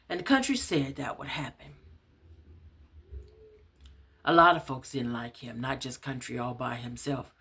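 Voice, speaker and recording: Soft-spoken woman reading her own story. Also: slightly rough. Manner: unhurried, conversational, soft and low at times, stops to find her place. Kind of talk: first-person storytelling in Southern Black vernacular.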